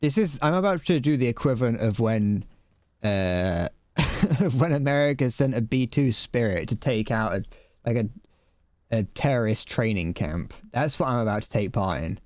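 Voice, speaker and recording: A man's voice: mid-range voice, lively intonation, normal speed, darkish tone, no room sound, clean studio sound. Rambling, swearing male game streamer. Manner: rambling, stumbles over words, swears. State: out of breath. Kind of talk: casual live game commentary.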